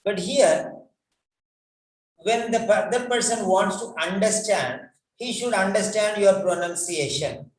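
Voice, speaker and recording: A man's voice: high-pitched, a little slow. A man teaching English pronunciation, repeating words over and over to model how they should sound. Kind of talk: classroom lesson on pronunciation. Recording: echoey room.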